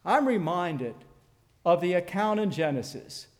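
An older man preaching a sermon in a measured, earnest way, pausing deliberately and reading scripture aloud. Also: high-pitched, very animated, long reverb tail.

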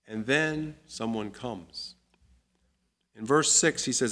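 A man teaching a Bible study, unhurried and reading scripture aloud with emphasis. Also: medium pitch, a bit bright.

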